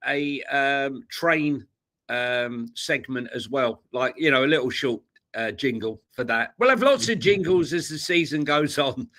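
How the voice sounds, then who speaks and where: A man co-hosting a live football show in a relaxed, conversational way. His voice is bright and forceful at a middling pitch. He hesitates a lot, trailing off on fillers before finishing his thought. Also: unhurried. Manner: hesitant, many fillers and restarts. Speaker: co-host of a football podcast. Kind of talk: casual live-stream chat.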